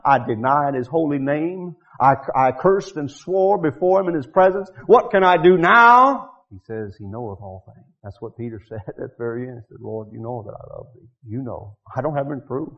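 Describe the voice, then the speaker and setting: A man preaching a revival sermon in church, swinging from quiet pleading to shouted, drawn-out climaxes. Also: mid-range voice, animated, muffled recording.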